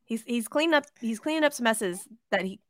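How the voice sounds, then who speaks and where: A woman co-hosts a casual sports podcast. She talks in a high, bright voice, and her excitement spills into gushing and plenty of swearing. The sound is dry and close. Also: brisk, dry recording. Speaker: podcast co-host.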